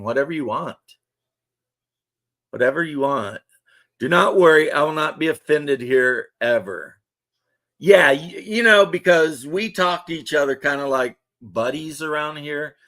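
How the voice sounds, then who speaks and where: A man's voice: mid-range voice, a bit bright. Rambling casual male streamer. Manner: loose, rambling, joking banter. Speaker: livestream host. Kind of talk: casual chat to stream viewers.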